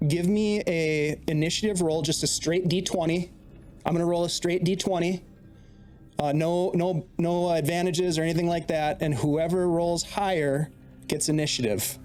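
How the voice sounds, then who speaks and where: A man's voice: fairly high pitch, fairly even intonation, moderate pace, a little mellow, soft background music. A man narrating as dungeon master, steadily setting scenes and explaining the rules. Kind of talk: narrating a tabletop game.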